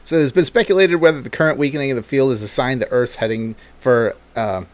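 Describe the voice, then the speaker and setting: Man, casual podcast host, profane, rambling, laughs a lot, mid pitch. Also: fast talker. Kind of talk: casual chat.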